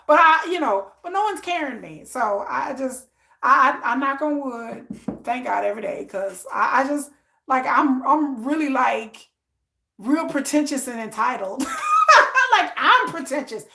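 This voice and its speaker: A woman in her thirties chatting on a live stream, telling animated stories and acting out what people said. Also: high-pitched, measured pace, vocal fry. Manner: animated storytelling, acting out quoted lines. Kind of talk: casual live-stream chat. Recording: echoey room.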